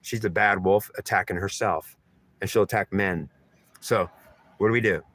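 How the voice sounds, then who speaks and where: A man's voice: low voice, steady tone, normal speed, a bit bright, no room sound. Man in a dry, rambling spiritual monologue. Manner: repetitive, emphatic, stream of consciousness. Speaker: channeler giving spiritual messages.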